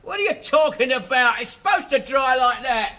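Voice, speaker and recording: A man's voice: extremely high pitch, expressive, moderate pace, sharp tone, a little hiss or hum. A man in a 1970s sitcom, trading cheeky jokes about paint. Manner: cheeky, jokey banter. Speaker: sitcom character, bus driver son.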